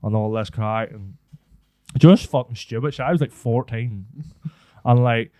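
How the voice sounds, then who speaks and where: A young man, rambling through a story on a casual podcast and cursing freely along the way. His voice sits mid-range with a mellow, dark tone, recorded dry and close to the mic. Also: mid-range voice, unhurried, no room sound. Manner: rambling, swears freely, animated impressions. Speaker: podcast co-host.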